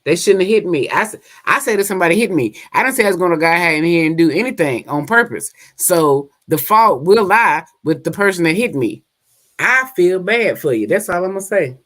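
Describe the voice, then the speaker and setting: A woman's voice: lowish voice, animated, fairly quick. A woman co-hosting a podcast in loose, casual chat. She speaks bluntly and emphatically, hammering the same phrases again and again to drive her points home. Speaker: podcast co-host.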